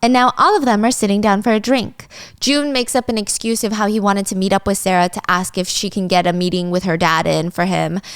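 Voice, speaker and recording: A woman's voice: medium pitch, steady tone, a little fast, clean tone, no echo. Lady recapping a wild story, casual, swears, dry voice.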